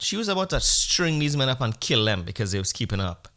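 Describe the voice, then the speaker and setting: A man's voice: on the low side, very animated, fast talker, bright, forceful tone. Male comedy podcast host, rambling storyteller, profane and mock-earnest.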